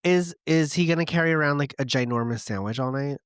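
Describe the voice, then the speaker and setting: A woman co-hosting a podcast in casual chat, playful, with quick jokes and reactions. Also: deep voice, smooth, no echo, clean studio sound. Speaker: podcast co-host.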